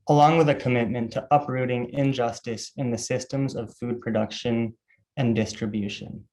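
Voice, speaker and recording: A young man moderating a webinar over a video call, reading definitions in a measured way with occasional ums. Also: mid-range voice, a little mellow, low-quality recording. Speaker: student group officer, moderator.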